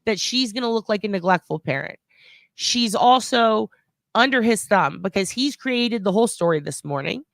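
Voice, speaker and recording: Brief: lively woman talking through a case theory, acting out the people involved, dry mic. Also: medium pitch, normal speed, vocal fry, no room sound. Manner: animated, acts out scenes in quoted voices. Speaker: true-crime commentator. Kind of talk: casual theorizing chat.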